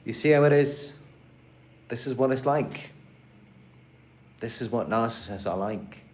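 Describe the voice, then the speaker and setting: A man's voice: medium pitch, measured pace. A man with a British accent hosting a live stream, talking casually, rambling and repeating himself with lots of fillers. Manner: rambling, repeats words and restarts, many "you know" fillers. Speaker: host of a live stream about narcissistic abuse.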